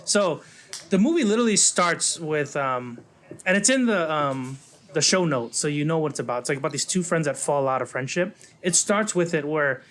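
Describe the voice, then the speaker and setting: A man's voice: fairly high pitch, expressive, normal speed, a bit bright. A man co-hosting a podcast, casually reviewing movies in a rambling way, full of fillers and acted-out quotes. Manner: rambling, lots of "like" and "um", acts out quotes. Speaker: podcast co-host.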